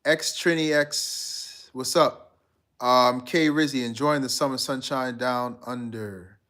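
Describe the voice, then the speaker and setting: A man talks to his live-stream viewers in a relaxed, slangy way. He reads out their comments and answers them directly. His voice sits at an ordinary middle pitch. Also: slow. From United States. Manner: laid-back, slangy, talks straight to viewers.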